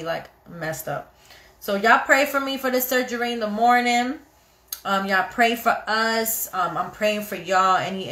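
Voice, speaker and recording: A woman hosting a casual live chat about marriage, animated and chatty, often acting out what people say. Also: mid-range voice. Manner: animated, chatty, quotes people in little acted voices. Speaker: host of a live chat for couples. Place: home, kitchen nearby. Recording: echoey room.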